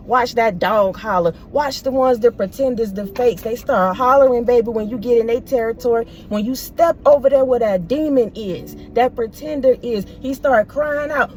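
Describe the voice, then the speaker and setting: A woman with a fairly high, mellow voice gives a spiritual reading straight to her viewers. She preaches emphatically in loose, slangy phrasing, circling back over her points and calling the listener "baby" again and again. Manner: casual, repetitive, slangy phrasing. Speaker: spiritual reader.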